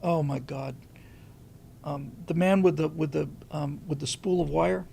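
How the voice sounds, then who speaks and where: A man's voice: a little high, a little slow, vocal fry, warm tone, a little hiss or hum. A man hosting a show, talking through a casual commentary monologue and telling a story in a rambling way, often restarting and repeating words. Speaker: show host.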